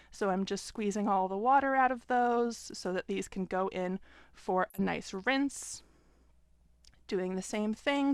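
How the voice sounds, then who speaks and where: A young adult woman calmly explaining, step by step, how she washes hand knits at home, with an occasional "um". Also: medium pitch, clean tone, no echo, clean studio sound. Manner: calm, step-by-step explaining with frequent "um". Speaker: fiber arts vlogger. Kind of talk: casual tutorial narration.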